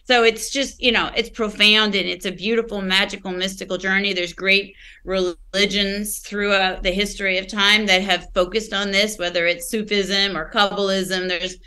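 A woman's voice: mid-range voice, little pitch movement, moderate pace, few pauses, bright, forceful tone, clean tone. A woman, a podcast guest, telling her personal story candidly and reflectively, often searching for words and restarting.

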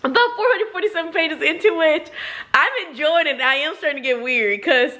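Brief: young woman, book vlogger, hyped and slangy, laughs a lot, slightly high voice. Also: expressive, brisk, pushed and bright. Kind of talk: casual reaction chat. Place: public place.

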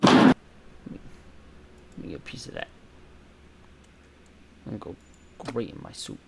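A man's voice: low-pitched, wildly swooping pitch, a little slow, creaky, background noise. Sweary young man muttering over gameplay. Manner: chaotic and sweary, muttering asides with sudden loud outbursts. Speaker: gameplay commentator. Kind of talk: casual gameplay commentary.

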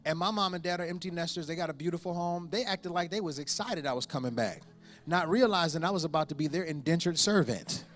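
A pastor in his forties delivering a sermon, telling a personal story with lively impressions of the people in it. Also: fairly high pitch, fast talker. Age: 40s. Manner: storytelling with animated impressions and laughter.

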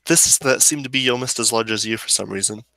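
A man's voice: mid-range voice, quick pace, vocal fry, sharp tone, no echo, rough recording. A man acting as game master, casually narrating monster attacks and joking with the players. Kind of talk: running a tabletop game over voice chat.

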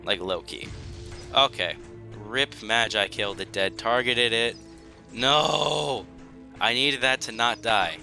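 A man's voice: on the low side, unhurried, bright, forceful tone, faint music behind. A young man commentating his own strategy game, pleading and joking at the enemy in a dramatic, self-mocking way. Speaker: gaming YouTuber. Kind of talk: gameplay commentary.

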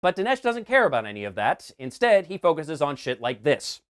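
A man's voice: a little high, very animated, brisk, clean tone. A man giving sarcastic, exasperated scripted commentary as a film reviewer, swearing freely.

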